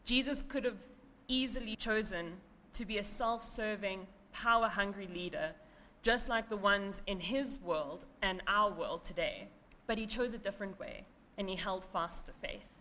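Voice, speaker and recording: Woman, sermon, calm measured delivery, hall reverb, faint room noise underneath. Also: medium pitch.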